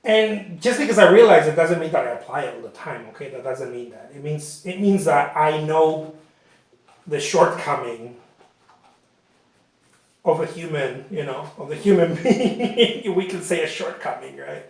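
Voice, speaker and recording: A man's voice: on the high side, expressive, normal speed. Guy rambling thru a painting lesson, repeats himself a lot, big echoey room. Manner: rambling, repeats words, frequent "you know". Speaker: painting instructor. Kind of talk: casual talk during painting session.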